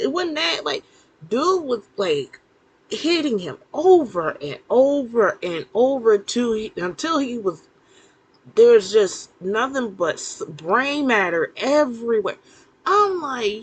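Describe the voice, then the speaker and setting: A woman casually recapping a TV episode to the camera, animated and incredulous, with plenty of fillers and laughs. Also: high-pitched, moderate pace, slightly rough, low-quality recording.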